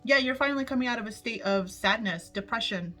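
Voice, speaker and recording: A woman's voice: on the high side, fast. A woman giving a casual tarot forecast to her viewers, chatty and upbeat, swearing freely as she talks straight to them. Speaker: tarot reader. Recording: music playing under the voice. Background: background music.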